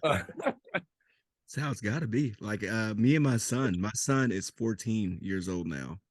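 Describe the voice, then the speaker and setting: A man's voice: on the low side, expressive, takes it slowly, dry recording, clean studio sound. A man co-hosting a podcast in a laid-back, rambling and profane manner. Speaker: podcast co-host. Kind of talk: casual interview chat.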